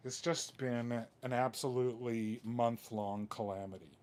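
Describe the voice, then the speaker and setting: A man in the middle range of pitch talking into a camera mic at his indoor workbench during a live vlog. He sounds weary and defeated, sighs often, and circles back to the same complaints again and again. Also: unhurried, pauses often. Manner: weary, sighing, repeats himself in frustration. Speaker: guitar modding channel host.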